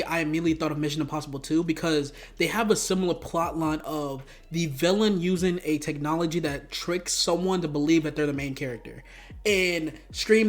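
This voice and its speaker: A young man giving a casual, rambling, profane film review, full of slang and sudden high-pitched outbursts of disbelief. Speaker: YouTube movie reviewer.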